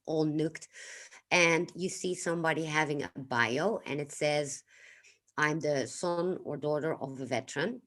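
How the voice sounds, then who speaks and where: A low-voiced Dutch woman runs a laid-back livestream, taking her time and sounding reflective. She breaks off occasionally to say hello to viewers in the chat and thank them.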